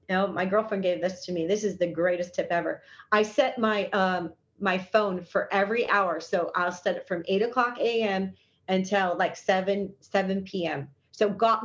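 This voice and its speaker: A woman's voice: medium pitch, moderate pace. A woman speaking as a healer in an interview, enthusiastic and acting out little inner dialogues as she explains. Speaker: guest healer. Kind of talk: conversational interview. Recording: dull lo-fi audio.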